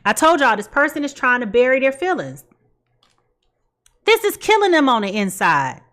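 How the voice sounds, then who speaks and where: A woman's voice: high voice, sing-song, normal speed, a bit bright. A woman giving a casual tarot reading in a blunt, sassy way and laughing at her own jokes. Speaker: tarot reader.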